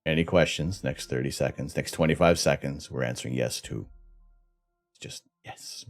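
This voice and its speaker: A middle-aged Canadian man with an extremely low voice hosts a live stream at normal speed. Chatty and self-mocking, he laughs often while reading out explanations and answering chat.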